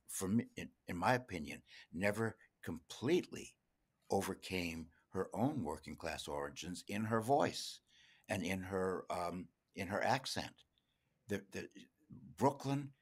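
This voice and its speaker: A man's voice: deep voice, darkish tone, husky. A man co-hosting a podcast, analyzing a classic film and putting probing questions to his co-host. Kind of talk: casual film discussion.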